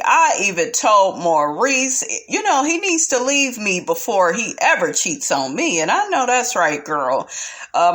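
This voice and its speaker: A woman's voice: mid-range voice, a bit bright. A woman giving a chatty, sassy recap of a reality show episode, calling her audience honey and girl. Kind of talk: casual show recap commentary.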